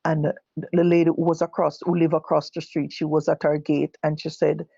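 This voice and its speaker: An older Jamaican woman giving personal testimony, halting and correcting herself as she recalls what others said. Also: low voice, little pitch movement, gravelly, dark tone, husky, dry recording, lo-fi sound. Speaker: guest telling her own story. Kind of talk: personal testimony told live.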